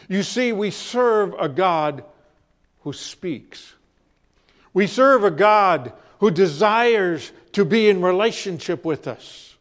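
High-voiced, slow-preaching pastor, male. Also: expressive. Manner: deliberate, dramatic pauses, storytelling. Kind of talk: sermon.

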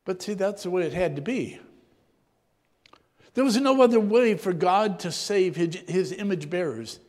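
A man reading scripture and preaching a reflective sermon, often clearing his throat, his voice sometimes dropping low and soft. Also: animated, moderate pace, big-room sound.

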